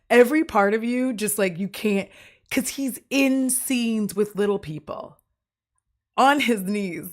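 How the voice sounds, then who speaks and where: A woman streamer, sick with a cough and a voice deepened by illness, chatting with viewers in a rambling way and laughing often. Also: unhurried. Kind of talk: casual stream chat with viewers.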